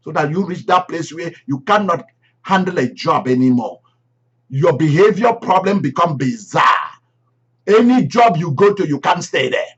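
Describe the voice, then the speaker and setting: A man preaching a sermon, emphatic and repeating key phrases, swinging between loud and soft. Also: a little high, animated, normal speed, husky. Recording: dull lo-fi recording.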